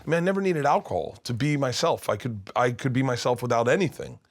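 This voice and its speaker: Excitable comedian telling wild stories. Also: male voice, mid-range voice, fast. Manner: excitable, acts out voices in his stories, laughs loudly. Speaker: comedian guest. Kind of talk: animated storytelling in an interview. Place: his studio.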